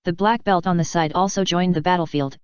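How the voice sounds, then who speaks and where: A woman reading a fanfiction audiobook aloud in an even, unacted narration, voicing every character the same way. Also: lowish voice, fairly quick, smooth, no echo. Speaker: audiobook reader. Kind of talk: flat scripted narration. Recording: dull, lo-fi dry sound.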